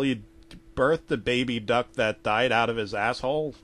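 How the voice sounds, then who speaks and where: Male narrator for a comedic horror story, deadpan and low-key, mid-pitched, prone to sudden loud outbursts. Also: normal speed, no room sound.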